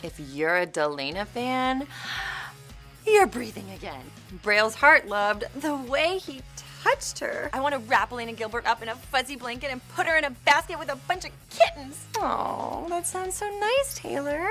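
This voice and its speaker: A woman's voice: on the high side, animated, moderate pace, bright, forceful tone, soft background music. A woman hosting a casual TV recap, speaking in a bubbly, sarcastic way. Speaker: host.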